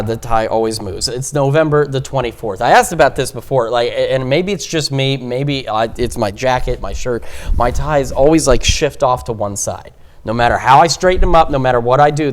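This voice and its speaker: A male meteorologist delivering a live morning weather forecast in a chipper, jokey way, chatting and rambling a little as he goes. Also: medium pitch.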